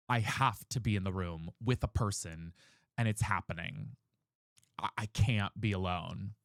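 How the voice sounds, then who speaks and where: A man speaks candidly to a livestream audience in a smooth, clear voice. The sound is close and dry, with no room around it. He talks in an earnest, searching way, often stopping and restarting his thoughts. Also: mid-range voice, a bit bright, dry recording. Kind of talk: candid casual chat on a livestream.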